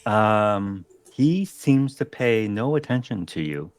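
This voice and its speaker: A man narrating as game master of a tabletop role-playing game, relaxed and hesitant with fillers. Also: lowish voice, takes it slowly. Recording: faint music behind.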